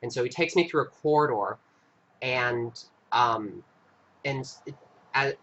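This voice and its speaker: A man hosting a live stream, earnestly recounting an experience in a halting, casual way with frequent restarts. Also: medium pitch, fairly bright tone, dull audio, slight background noise. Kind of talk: casual storytelling.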